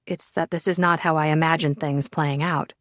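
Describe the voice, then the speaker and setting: A woman narrating a psychological thriller in the first person, measured and steady. Her voice sits on the low side. The studio sound is dry and close, with no room echo. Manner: measured, even storytelling. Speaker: audiobook narrator.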